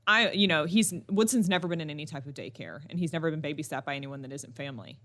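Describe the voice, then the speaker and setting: Bright-voiced young woman podcast co-host. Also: sits low. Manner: animated storyteller, quick to laugh. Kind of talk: casual chat.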